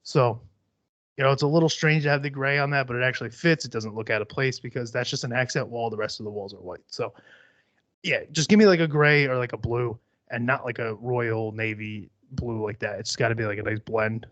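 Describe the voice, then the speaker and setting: A man's voice: medium pitch, fairly even intonation, fairly quick, a bit bright, dry recording. A young man hosting a casual solo podcast, rambling bluntly with lots of swearing and fillers. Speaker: podcast host. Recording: slightly dull, dry sound.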